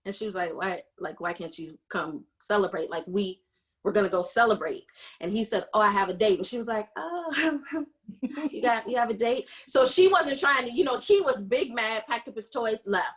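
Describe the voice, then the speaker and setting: A woman hosting a podcast, casually recapping a romance novel and acting out the characters' lines with animated storytelling. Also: medium pitch, fairly quick. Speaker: podcast host. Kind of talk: casual book recap chat.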